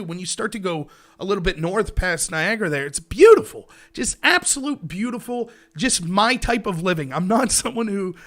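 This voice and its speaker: A man's voice: sits high, a bit bright. Man, thirties, Pittsburgh accent, livestream host, casual rambling chat, headset mic, slightly raised voice. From Pennsylvania, USA. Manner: rambling, loose, chuckling often. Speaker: livestream talk show host. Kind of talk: casual solo chat with viewers.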